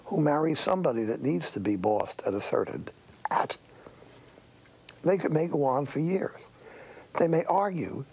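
Older male priest, sermon-like talk, wry storyteller; gravelly and unhurried. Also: a little high, a little mellow, low-quality recording.

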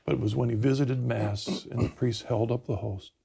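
A man hosting a religious talk program, reflective and measured in conversation with his guest. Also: medium pitch, steady tone, vocal fry, mellow, breathy edge. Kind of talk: casual interview conversation.

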